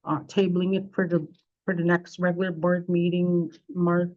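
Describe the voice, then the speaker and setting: A woman with a lowish voice chairs a formal board meeting. She reads motions and calls votes in a measured, procedural way. The recording is muffled and lo-fi. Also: flat delivery.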